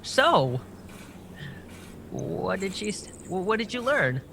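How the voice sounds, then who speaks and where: A man's voice: high-pitched, very animated, takes it slowly, gravelly, bright, forceful tone, slight background noise, pitched above the performer's own voice, exaggerated voice. A man voicing a friendly male adventurer who teases a companion with stammered questions. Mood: teasing. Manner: teasing, stammering.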